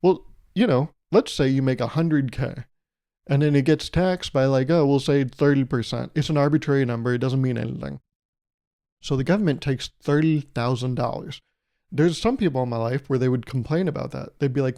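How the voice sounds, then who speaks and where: Warm in tone with some vocal fry, this podcast host speaks at mid-range pitch and normal speed. Alone on the mic, he wanders through jokey analogies and chuckles at his own material.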